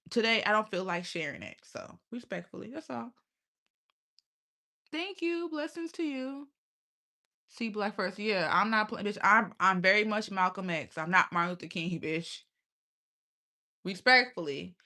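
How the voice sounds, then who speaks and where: A young woman chats on her livestream in a loose, casual way. She talks bluntly and swears freely, and laughter breaks in now and then. Her voice is bright and forceful. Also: medium pitch. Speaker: live streamer.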